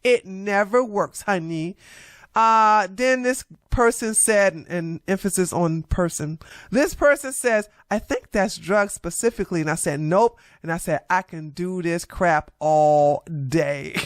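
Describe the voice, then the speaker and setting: Sassy woman ranting at her haters, loud laughs, mid-pitched voice, dry sound. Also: lively intonation, unhurried, no echo. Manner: brash, sassy and confrontational, laughs loudly. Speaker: commentary vlogger. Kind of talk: reacting to social media replies.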